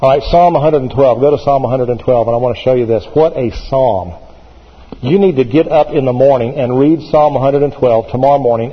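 A man's voice: medium pitch, slightly rough, big-room sound, dull audio. A man, a pastor, preaching a sermon with emphasis, repeating phrases as he builds.

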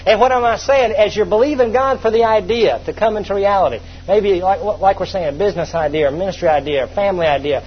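A man in his thirties preaching with a high voice, telling stories emphatically and driving phrases home by repetition. The recording is dull and lo-fi, with a faint hum underneath. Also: fast, few pauses. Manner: emphatic, storytelling, repeats phrases. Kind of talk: sermon.

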